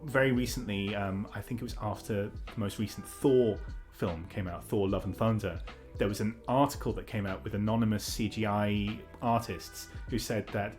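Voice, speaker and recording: Low-voiced articulate man. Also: moderate pace, faint music behind. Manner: articulate, building longer arguments. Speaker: podcast co-host. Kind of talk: casual film review chat.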